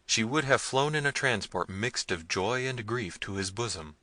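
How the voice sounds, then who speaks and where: A man reading a gothic novel aloud in measured, scripted narration. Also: fairly low pitch, lively intonation, pushed and bright, dry recording. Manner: measured storytelling. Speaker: audiobook narrator.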